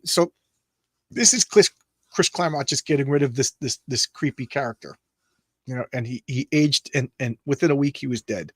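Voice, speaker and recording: A man casually reading a comic aloud and commenting on it, halting and rambling with many restarts, lifting his voice a little for speech balloons. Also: medium pitch, a bit bright, husky, no echo. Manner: reads speech balloons aloud in a lightly raised voice. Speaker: comic book show host.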